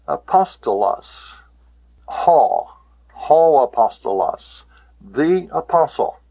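A man teaching a Greek vocabulary lesson. He repeats each word slowly and stresses how it is pronounced. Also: medium pitch. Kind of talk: classroom lecture on Greek vocabulary. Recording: tinny, phone-like lo-fi recording.

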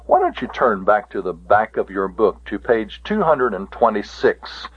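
A man teaching a Greek grammar lesson on tape, slow and deliberate, stopping to spell out word forms. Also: lowish voice, big pitch swings, breathy edge. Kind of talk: recorded taped lecture. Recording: tinny lo-fi tape.

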